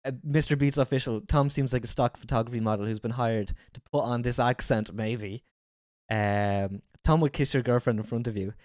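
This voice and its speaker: A man's voice: mid-range voice, moderate pace, darkish tone, no room sound. Male streamer, crude and profane reaction banter, strained voice, dry close-miked sound. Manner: crude, joking, swears a lot. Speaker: livestreamer.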